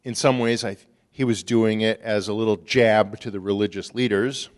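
A man who is a pastor, preaching a sermon and moving from quiet, hushed stories to loud, emphatic passages. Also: lowish voice, steady tone, moderate pace, big-room sound.

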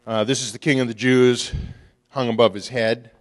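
A man who is a pastor, preaching a sermon and moving from quiet, hushed stories to loud, emphatic passages. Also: mid-range voice, fairly even intonation, normal speed, in a large hall.

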